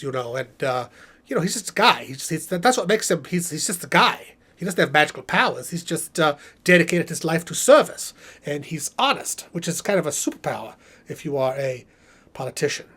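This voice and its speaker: A man's voice: on the high side, husky. A man doing a chatty puppet professor. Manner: animated, theatrical, rambling asides. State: out of breath, exhausted. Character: chatty male puppet professor, theatrical and self-important. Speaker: puppet host. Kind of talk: live stream Q&A.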